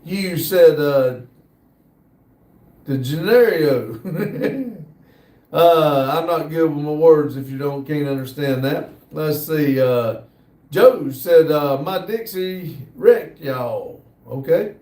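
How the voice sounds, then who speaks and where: A man's voice: a little high, mellow, distant mic. Easygoing American man in a roomy space. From United States. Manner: easygoing, hesitant, frequent "uh" pauses. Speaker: livestream host. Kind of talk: casual live chat, reading viewer comments aloud. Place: workshop building near a shop area. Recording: roomy sound, voice from off the mic.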